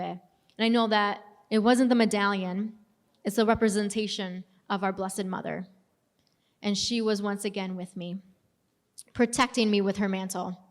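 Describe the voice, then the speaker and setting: A young adult woman telling her own story as a personal testimony, casual and storytelling, with self-deprecating humor. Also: medium pitch. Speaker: speaker giving a testimony. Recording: long hall reverb.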